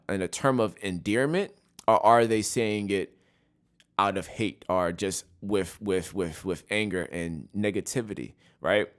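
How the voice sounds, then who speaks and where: Man, podcast host, casual solo commentary, somewhat low voice, opinionated, many restarts. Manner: opinionated, repeats "right?" often, frequent restarts.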